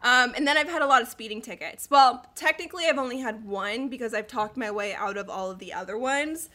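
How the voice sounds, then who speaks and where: A young woman in her twenties tells stories in a casual chat, lively and animated, laughing between lines. Her voice is bright and a little high. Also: a little fast. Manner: animated storytelling with laughter and acted quotes. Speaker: guest storyteller.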